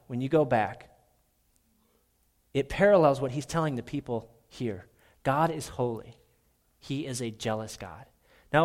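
A man from Minnesota preaching a sermon in a slightly high voice. He talks in a conversational, animated way and jokes at his own expense. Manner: conversational, animated, self-deprecating. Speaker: pastor.

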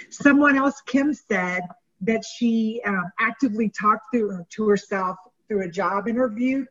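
A woman's voice: mid-range voice, breathy edge, muffled recording. A woman co-hosting who reads viewer comments aloud with light fillers. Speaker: co-host reading viewer comments.

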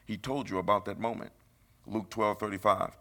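A middle-aged man preaching a sermon, emphatic and rising into high bursts. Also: steady tone, normal speed, bright, forceful tone.

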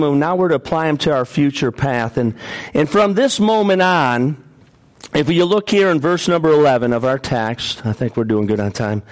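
A man preaching a sermon, telling personal stories earnestly and often repeating and restarting his words. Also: on the high side.

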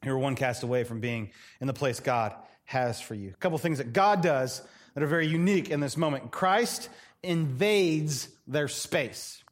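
A middle-aged man preaching a sermon as pastor, animated and acting out the voices he quotes. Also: mid-range voice, normal speed.

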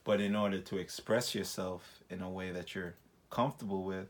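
A man's voice: low voice, steady tone, fairly quick, slight background noise. A man co-hosting a casual podcast chat, cracking jokes and then giving thoughtful advice. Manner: wisecracking, then reflective advice. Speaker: podcast co-host.

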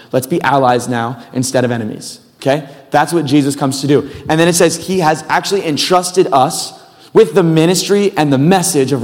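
A man's voice: medium pitch, darkish tone. Male pastor, casual sermon delivery, rambling asides, mid-range voice, long hall reverb.

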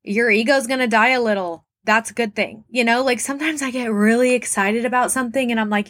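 A woman's voice: a little high, fairly quick, a bit bright. A young woman hosting a motivational podcast, talking straight to her listeners in an earnest, encouraging way with lots of questions. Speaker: podcast host.

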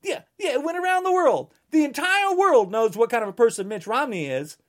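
Brief: heated woman ranting, high-pitched and swinging wildly, shouts now and then. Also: expressive, a little fast. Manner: angry, ranting, at times shouting. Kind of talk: political rant.

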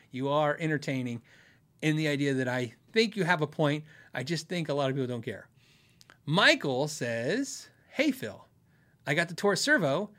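A man's voice: fairly high pitch, fairly bright tone. A middle-aged man hosting a guitar show, chatting casually with viewers, rambling and laughing often at himself. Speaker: host of a guitar show answering viewer questions. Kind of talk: casual live-stream chat.

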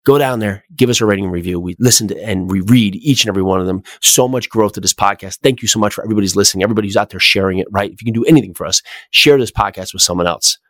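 A middle-aged man hosting a motivational podcast, speaking with energetic, repetitive emphasis and rhetorical questions. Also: lowish voice, very fast, few pauses, dry recording, studio quality. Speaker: podcast host.

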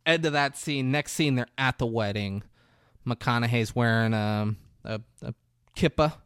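In a clean, echo-free studio recording, a podcast host retells a movie scene by scene for laughs, animatedly doing voices for the characters and joking bluntly with plenty of profanity. His voice is mid-range, clear, and resonant, and he speaks a little slowly.

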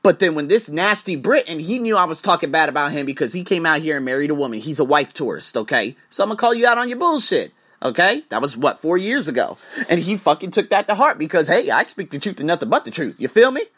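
A man hosting a podcast, talking as a teacher in a profane, ranting, animated manner. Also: fairly high pitch, fast talker, hardly any pauses. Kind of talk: casual monologue podcast.

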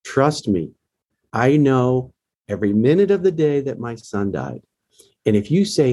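A man's voice: medium pitch, very animated, slow pace, long pauses, a little mellow, husky. A middle-aged man, a bereaved father, speaking earnestly and emotionally as a podcast guest. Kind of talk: podcast interview.

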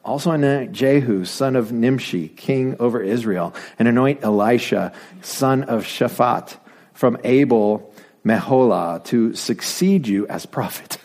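A male pastor preaching a sermon in a playful, animated way, dropping to whispered asides as he acts out the story. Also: medium pitch, unhurried.

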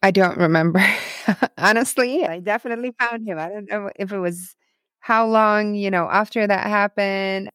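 A Ukrainian guest recounts her faith journey in a podcast interview, a personal testimony delivered earnestly and emotionally with plenty of repetition. Her mid-range voice is smooth and fairly bright, at a moderate pace, in a dry, clean studio recording.

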